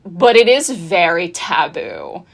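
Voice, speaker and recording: A woman's voice: on the low side, wildly swooping pitch, takes it slowly, vocal fry. Chatty sardonic young woman. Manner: chatty, sardonic, acts out the characters' lines. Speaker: video essayist. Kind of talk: casual TV recap.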